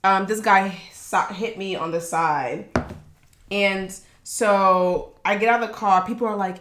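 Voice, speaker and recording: A woman co-hosting a podcast, telling stories in a lively way and acting out the people she quotes. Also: medium pitch, a little slow, echoey room, noisy background. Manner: animated storyteller who acts out the people she quotes. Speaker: podcast co-host. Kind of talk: casual chat.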